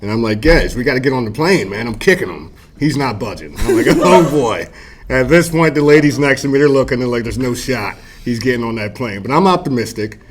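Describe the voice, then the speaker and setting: Young man chatting in relaxed banter. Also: mid-range voice, fairly quick, slight background noise. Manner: relaxed banter, laughing and chiming in. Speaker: guest. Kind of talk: casual chat.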